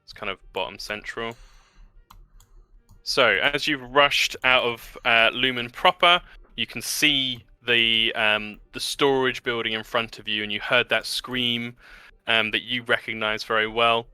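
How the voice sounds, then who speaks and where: A man narrating a tabletop game as game master, relaxed with many fillers. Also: mid-range voice, a little slow, smooth, no room sound.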